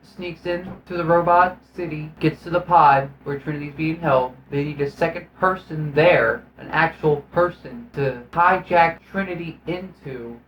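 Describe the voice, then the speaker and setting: A man's voice: on the high side, measured pace, hardly any pauses, highs cut off, a little hiss or hum. A man hosting his own video, giving a rambling, sarcastic, profanity-laced recap of a movie. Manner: rambling with frequent restarts. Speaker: video host reviewing a film.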